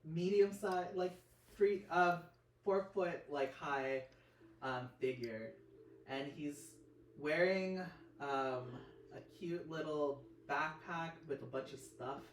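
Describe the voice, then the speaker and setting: A woman's voice: low voice, slow pace, a little hiss or hum. A woman narrating a tabletop game as game master, meandering, with many fillers and restarts. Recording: roomy, distant mic, music behind.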